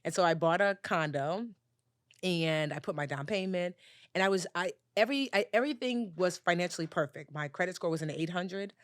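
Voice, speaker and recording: A woman, a personal finance educator, telling a story as a podcast guest and acting out the dialogue with lively jumps in her voice. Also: brisk, dry recording, studio quality. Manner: animated storyteller, acts out dialogue with big pitch jumps. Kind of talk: storytelling in a conversational interview.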